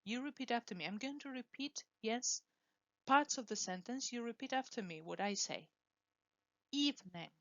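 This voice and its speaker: A woman teaching English pronunciation, slowly and deliberately modelling words for students to repeat. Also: fairly high pitch, expressive, vocal fry, dry recording, muffled recording. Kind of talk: pronunciation lesson with drills.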